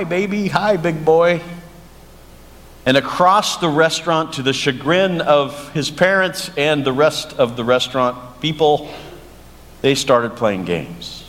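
A man, a pastor, preaching a sermon in a slow, earnest storytelling manner and leading a prayer. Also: fairly high pitch, fairly bright tone. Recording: long church reverb, faint noise.

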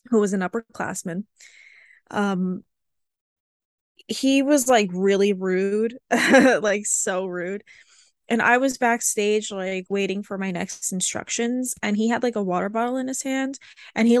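A woman's voice: medium pitch, no echo, clean studio sound. Chatty young woman telling stories. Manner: chatty, animated storytelling with many fillers. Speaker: podcast co-host. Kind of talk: casual chat.

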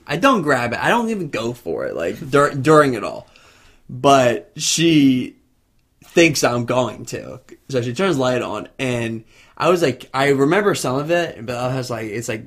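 Lively, laughing man telling a story. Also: mid-range voice. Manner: animated, laughs through his own story. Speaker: podcast co-host. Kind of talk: casual chat, storytelling. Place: video podcast set.

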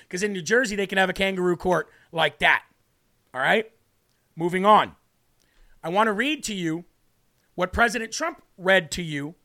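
A man hosting a political commentary show, talking combatively and emphatically straight to his viewers, and slowing down to repeat key points. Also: high voice, bright, forceful tone.

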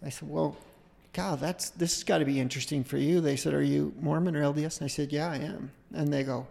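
A middle-aged man shares an anecdote as a podcast guest, his voice gravelly and a little high. He rambles and interrupts himself, animated as he tells it. A long hall reverb hangs on every phrase. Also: fast. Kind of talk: casual storytelling.

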